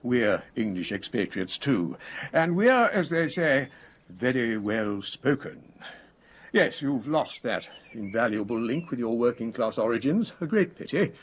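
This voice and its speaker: A polished old expatriate. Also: male voice, medium pitch, big pitch swings, unhurried, breathy edge. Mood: explanatory. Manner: polished, eager, lecturing. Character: well-spoken elderly English expatriate man, fussy, explanatory. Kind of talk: radio comedy drama.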